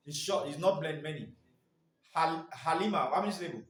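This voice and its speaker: A man's voice: a little high, fairly quick, fairly bright tone. A man training teachers in phonics, quizzing the class with repeated "what?" questions. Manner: quizzing, asks "what?" and waits for answers. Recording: echoey room, mic far off.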